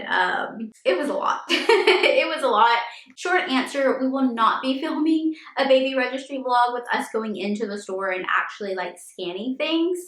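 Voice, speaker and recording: A woman in her thirties chats through a casual question-and-answer vlog with a slightly raised pitch. Her talk is loose and rambling, peppered with "like" and "um". The room around her rings with a noticeable echo. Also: pushed and bright. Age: 30s. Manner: chatty, filler-heavy with frequent "like". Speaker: vlogger and first-time mom. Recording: echoey room.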